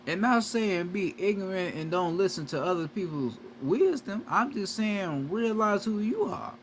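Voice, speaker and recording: A man's voice: high-pitched, lively intonation, a little slow, a little hiss or hum. A man giving a profane, repetitive spiritual lecture straight to his viewers as a video creator. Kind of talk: preachy lecture to camera.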